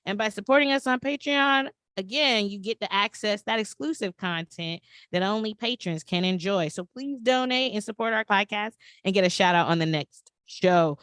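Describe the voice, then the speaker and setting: A woman co-hosting a podcast, reading sponsor shout-outs in a playful, upbeat, sing-song way. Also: medium pitch, normal speed, few pauses, clean tone, no echo, studio quality. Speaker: podcast co-host.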